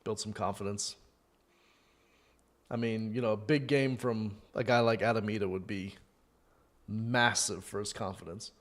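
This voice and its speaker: Male fan host, casual live-match chatter, rambling, prone to loud outbursts. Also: on the low side, fairly even intonation, a little slow, long pauses. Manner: chatty, rambling, thinks aloud with fillers; bursts into loud disbelieving shouts at goals.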